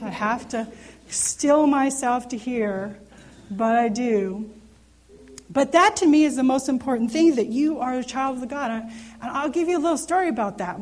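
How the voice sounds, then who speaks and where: A woman's voice: a little high, a little mellow. A woman in her thirties giving an informal Bible teaching, speaking earnestly and often checking in with her listeners. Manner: earnest, conversational, asks listeners questions. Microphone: handheld microphone.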